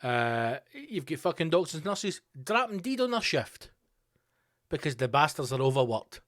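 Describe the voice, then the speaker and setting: A man's voice: fairly high pitch, no room sound, clean studio sound. A man hosting his own podcast, delivering a sweary, sarcastic comedic rant. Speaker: podcast host. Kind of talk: ranting comedic monologue.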